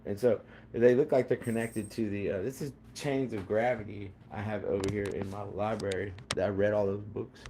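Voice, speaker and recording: Rambling man, dark voice. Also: on the low side, steady tone, moderate pace, few pauses, a little hiss or hum. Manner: rambling, repetitive, many fillers and restarts. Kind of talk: rambling casual monologue.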